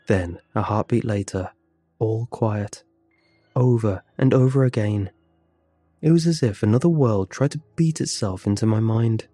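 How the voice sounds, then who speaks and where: A man narrating a horror story for a podcast in a slow, hushed and tense way. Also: fairly low pitch, dry recording.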